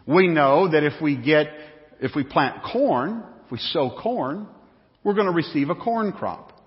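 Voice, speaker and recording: Preacher echoing through a hall. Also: male voice, a little high, expressive, unhurried. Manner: conversational, repetitive, anecdotal. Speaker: pastor. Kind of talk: sermon. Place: church sanctuary. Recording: echoey church hall, dull sound.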